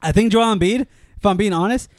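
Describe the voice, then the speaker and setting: A man co-hosting a casual podcast chat, excitable and quick to cut in. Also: high voice, no room sound, studio quality. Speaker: podcast co-host.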